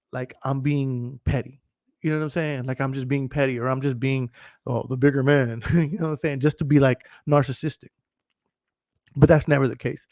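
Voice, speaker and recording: A man in his thirties rants loosely to his livestream audience in a slightly raised pitch, cursing freely and breaking into laughs. The sound is close and dry, with no room around it. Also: a little mellow, dry recording. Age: 30s. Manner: profane, emphatic, laughs often. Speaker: podcast host. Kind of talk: casual livestream monologue.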